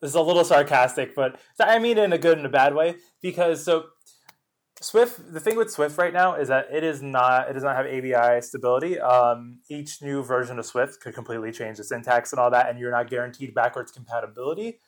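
A man's voice: medium pitch, fairly quick. A man co-hosting a casual tech podcast, explaining technical matters in a knowledgeable, wry way. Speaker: podcast co-host.

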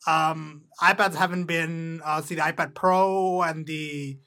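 A man co-hosting a casual tech podcast, talking haltingly with many restarts and fillers. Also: a little high, steady tone, bright, forceful tone. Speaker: podcast co-host.

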